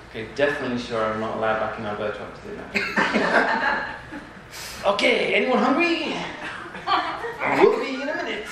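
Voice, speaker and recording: A man's voice: sits high, normal speed, pauses often, a crowd in the background. A man reading a rhyming picture book aloud to a live audience, playful and joking between pages and laughing often. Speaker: reader at a live storytelling event. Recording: echoey room, distant mic, background noise.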